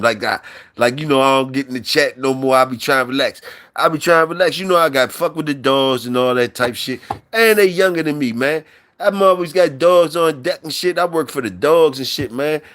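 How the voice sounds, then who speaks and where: A man's voice: a little high, fairly bright tone. A man hosting a live stream in loose, profane, repetitive banter with his chat, talking on a mic from his workplace.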